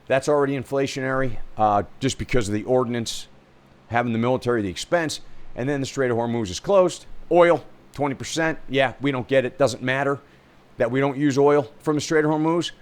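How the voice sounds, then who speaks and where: Man, host, rambling commentary, casual, mid pitch. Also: brisk, clear, resonant tone. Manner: rambling, full of fillers and restarts. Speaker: realtor hosting a commentary stream.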